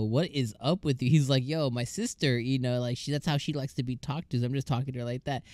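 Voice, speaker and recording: A man's voice: medium pitch, dry recording. A man casually reviewing an anime episode, laughing often and acting out scenes in comic voices.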